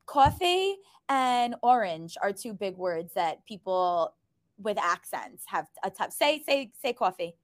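A young woman from Brooklyn with a New York accent, co-hosting a podcast in animated, filler-heavy casual chat. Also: medium pitch, slow, dry recording, clean studio sound. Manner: chatty, animated, lots of "like" fillers. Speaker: podcast co-host.

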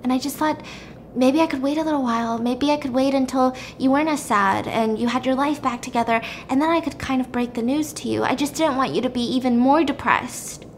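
A husband making gentle, hesitant excuses, played by a woman recapping a drama. The voice stays a bit high and fairly soft, calm and pleading rather than forceful. It comes out as her own everyday voice. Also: fairly quick, a little hiss or hum. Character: husband, soft-spoken, excusing his lies.

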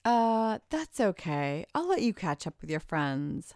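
A woman's voice: lowish voice, very animated, a little slow, a little mellow, dry recording, studio quality. A woman voicing an awkward young man who hesitates and stammers. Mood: evasive.

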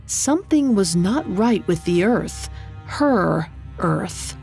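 A woman narrator reading a scripted myth in a measured, dramatic storytelling manner. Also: mid-range voice, expressive, gravelly, a little mellow. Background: faint music.

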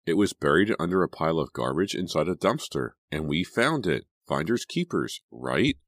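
A man's voice: low voice, big pitch swings, moderate pace, no echo, studio quality. A man voicing a pushy, eager teenage girl. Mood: urging. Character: bold scheming teenage girl.

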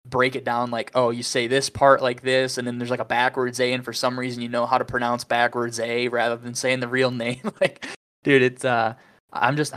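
A man's voice: medium pitch, a bit bright. A man hosting a podcast in a loose, rambling way, swearing casually and laughing often. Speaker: podcast host.

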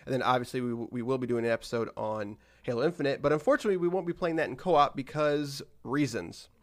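A man's voice: medium pitch, fast. A man hosting a casual podcast about games, rambling with frequent restarts and trailing-off asides. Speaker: podcast host.

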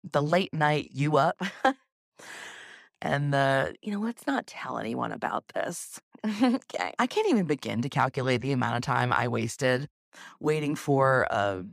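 Woman in her 30s, solo podcast host: gravelly, dry close sound, rambling and profane. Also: a bass voice, no room sound. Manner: rambling, profane, laughs often. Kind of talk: candid solo podcast monologue.

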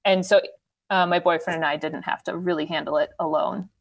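A woman guest telling a candid, animated story in casual conversation. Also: fairly low pitch, fairly quick, vocal fry, dull audio. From Wisconsin. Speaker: podcast guest.

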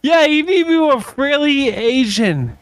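A man's voice: very high voice, animated, unhurried, a bit bright, dry recording. A drunk man co-hosting a podcast, rambling and repeating himself with bursts of laughter. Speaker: podcast co-host. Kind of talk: casual chat.

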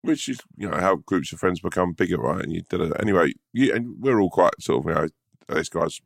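Male co-host, deep gravelly voice with expressive, lively pitch. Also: brisk, no echo, clean studio sound. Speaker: podcast co-host. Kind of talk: casual chat.

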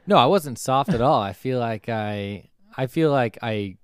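A man's voice: medium pitch, lively intonation, a little slow, clean tone, no room sound. A man co-hosting a podcast, talking casually and hedging his points with restarts and fillers. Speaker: podcast co-host. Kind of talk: casual chat.

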